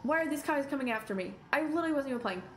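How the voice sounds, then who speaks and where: Jumpy high-voiced woman streamer. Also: lively intonation, racing, reverberant, noisy background. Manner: jumpy, shrieks at scares, chatty with viewers. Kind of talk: live game commentary.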